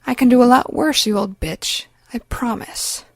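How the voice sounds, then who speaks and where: A creepy, balding little man mumbles to himself and taunts in a low, quiet voice, as a woman reads him in an audiobook. The sound is close and dry, with no room around it. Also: normal speed, dry recording. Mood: menacing. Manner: mumbling, leering, softly menacing. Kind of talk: audiobook character reading.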